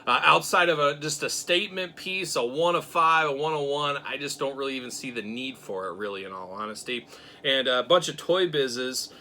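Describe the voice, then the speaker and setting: A middle-aged man hosting a casual chat, animated and self-mocking, getting fired up as he talks. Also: mid-range voice, moderate pace, a little hiss or hum. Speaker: host.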